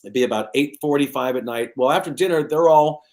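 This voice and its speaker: A show host in his sixties tells anecdotes in casual chat, an animated storyteller who slips into other people's voices as he goes. He speaks briskly at medium pitch.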